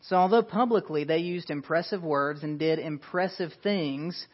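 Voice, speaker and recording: A man preaching a sermon in an earnest, emphatic way, asking his listeners questions. His voice sits a little high for a man. The recording has a dull, lo-fi sound. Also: moderate pace. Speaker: pastor.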